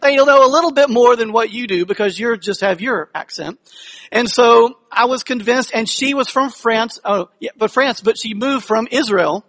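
This man's voice is very high-pitched and a bit bright, moving at normal speed. Preaching as a pastor, he mixes personal storytelling into the sermon, chatting with humor and asking the congregation questions.

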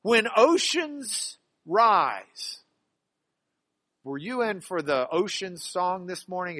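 A man preaching a sermon in church, lively and humorous, acting out the Bible passages he quotes. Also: a little high. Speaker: pastor.

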